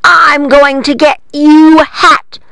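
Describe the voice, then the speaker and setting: A woman voicing a grumpy female witch hunting for her lost hat, shrill and impatient, in a storybook reading. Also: huge pitch swings, slow, creaky, bright, forceful tone, no room sound, full character voice. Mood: cross.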